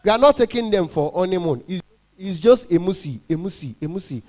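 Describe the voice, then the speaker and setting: A man voicing a loud, stingy male caller who haggles over the price of an MC. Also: sits high, lively intonation, a little fast. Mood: haggling.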